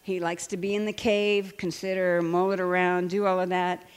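An older woman sharing personal stories in a sermon, animated and quick to laugh. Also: fairly low pitch, clean tone, long reverb tail. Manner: animated storytelling, laughs often. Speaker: Christian speaker and counselor.

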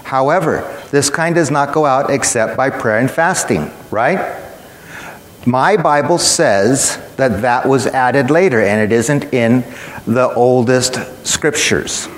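A man's voice: mid-range voice, slow pace. Emphatic preacher man in an echoey church. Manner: emphatic, matter-of-fact, storytelling. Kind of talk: sermon.

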